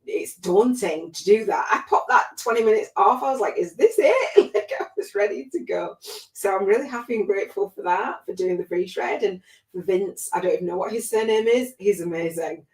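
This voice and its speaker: The audio is reverberant as a woman with a mid-range voice, a spiritual life coach, leads an emotional motivational livestream. She gushes, laughs a lot, and seems close to tears.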